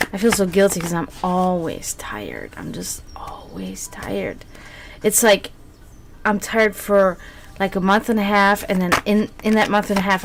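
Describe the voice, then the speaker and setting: A woman's voice: mid-range voice, background noise. A woman streamer chatting casually with her viewers, rambling with many fillers and restarts.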